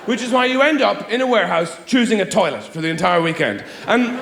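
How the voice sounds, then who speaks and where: Rambling, lively-pitched man doing stand-up. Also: brisk, gravelly, a little hiss or hum. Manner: rambling, theatrical, acts out quoted voices. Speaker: stand-up comedian. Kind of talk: stand-up comedy routine. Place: theatre stage before a laughing audience. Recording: roomy live theatre sound.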